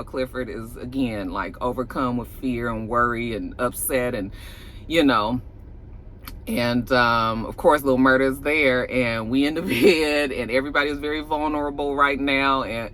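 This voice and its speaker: A man casually recapping and reviewing a TV episode, talking straight to his viewers and acting out lines with animation. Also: medium pitch. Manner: animated, acts out characters' lines in a raised voice; chatty, talks straight to the viewers.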